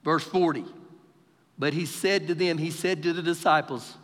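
A man from Texas with a Texan accent, preaching an animated sermon as pastor at a live church service. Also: a little high, moderate pace. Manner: animated preacher, raising his voice for quoted lines. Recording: live hall with long reverb.

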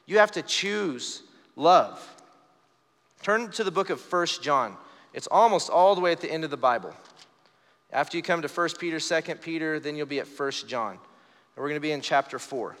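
A man's voice: fairly high pitch, expressive, moderate pace, fairly bright tone. A young man preaching a live church sermon in a conversational, storytelling way, voicing the people in his stories. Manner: conversational, storytelling with acted quotes. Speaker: pastor. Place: church sanctuary, live service. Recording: long hall reverb.

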